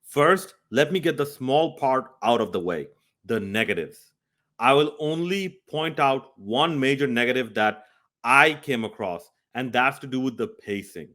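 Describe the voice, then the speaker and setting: A man's voice: medium pitch, lively intonation, measured pace, fairly bright tone. A man reviewing a video game, speaking earnestly and emphatically straight to his viewers. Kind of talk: scripted review talk.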